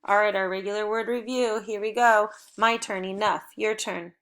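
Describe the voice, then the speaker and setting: A young adult woman teacher leading a recorded phonics lesson for children, with upbeat, encouraging, clearly paced prompts. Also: mid-range voice, fairly even intonation, normal speed, a bit bright.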